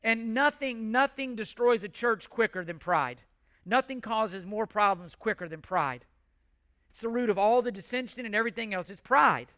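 Male pastor, bright high voice, emphatic repetitive sermon delivery. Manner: emphatic, repetitive preaching with measured pauses.

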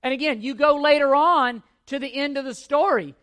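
High-voiced man teaching a sermon. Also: moderate pace, sharp tone. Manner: earnest, emphatic, repeats key points and asks rhetorical questions. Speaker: pastor.

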